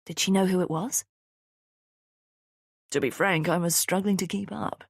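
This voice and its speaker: A woman narrating a thriller audiobook in the first person, tense and steady, on a close studio mic. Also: lowish voice, normal speed, creaky, slightly rough, dry recording. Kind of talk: scripted narration.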